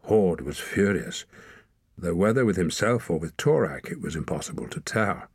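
Deep, husky male storyteller. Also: lively intonation, normal speed, no room sound, clean studio sound. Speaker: audiobook narrator. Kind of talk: scripted narration.

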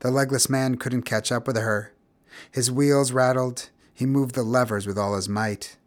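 Measured male audiobook narrator. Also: mid-range voice. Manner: measured, expressive, grows quiet and somber. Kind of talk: scripted literary narration.

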